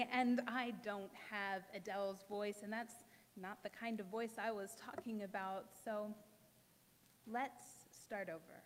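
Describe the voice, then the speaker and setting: A woman poet performing spoken word before a live audience, with a measured, emphatic delivery and deliberate pauses. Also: medium pitch, fairly even intonation. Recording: long hall reverb.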